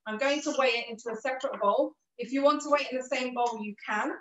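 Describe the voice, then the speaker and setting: High, distant woman leading a cooking class. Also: quick pace, fairly bright tone, roomy sound, highs cut off. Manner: patient, encouraging instructions. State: coughing, throat trouble. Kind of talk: live online cooking lesson. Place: kitchen.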